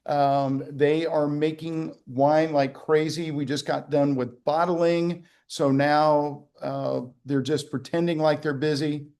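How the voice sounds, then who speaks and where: Slow yet barely pausing, this man has a fairly high, level, slightly mellow voice. He's a winery executive at the winery leading a relaxed virtual tasting on a video call, joking and rambling with fillers and false starts.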